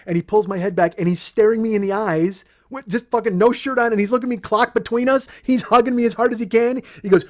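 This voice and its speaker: A podcast host telling a comedic story in an animated, profane, rambling way. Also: male voice, sits high, fast talker, no room sound, studio quality.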